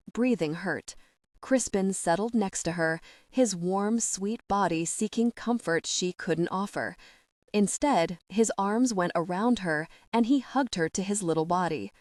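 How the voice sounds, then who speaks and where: A woman narrating an audiobook in a measured, dramatic storytelling manner on a close mic. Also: mid-range voice, a little mellow, no room sound. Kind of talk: scripted narration.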